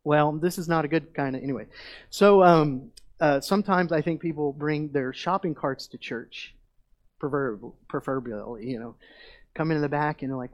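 A man's voice: on the high side, moderate pace. Man, pastor, middle-aged, conversational sermon, emphatic, dull lo-fi sound. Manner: conversational preaching, rising to emphatic declarations.

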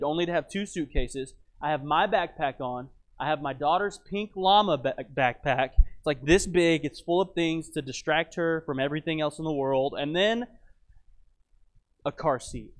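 Animated man telling a story. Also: a little high. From United States. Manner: animated, dramatic storyteller with wry asides. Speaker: speaker telling a travel story. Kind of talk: storytelling talk.

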